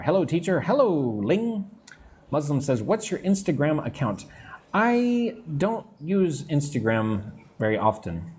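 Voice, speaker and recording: A middle-aged American man teaching English on a live stream, answering chat comments and slowly modelling phrases for listeners to repeat. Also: medium pitch, a little mellow, slight background noise. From United States. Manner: slow, careful modelling of phrases for repetition. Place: room in Vietnam.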